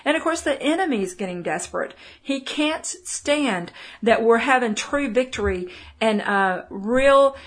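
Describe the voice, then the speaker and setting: A woman's voice: a little high, lively intonation, measured pace. A middle-aged woman with a Texan accent giving a folksy, conversational Bible teaching, full of fillers and restarts. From Texas. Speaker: preacher.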